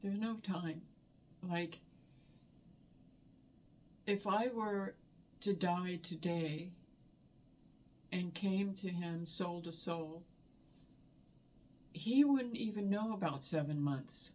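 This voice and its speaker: Woman vlogger, emotional and near tears, slow halting delivery, faint background noise. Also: fairly low pitch. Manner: soft, halting, repeats words. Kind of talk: personal grief vlog.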